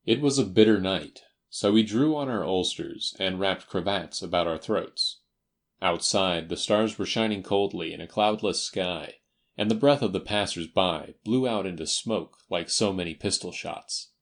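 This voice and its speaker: A man narrates a classic story as an audiobook. His voice sits low and deep, and his reading is even and measured. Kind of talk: scripted narration.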